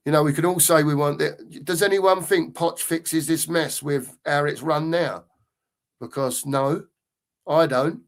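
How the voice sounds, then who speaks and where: A man's voice: a little high, steady tone, takes it slowly. Chatty man on a live stream. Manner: chatty, rambling, reads out viewer comments. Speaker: fan channel co-host. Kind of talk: casual live-stream chat.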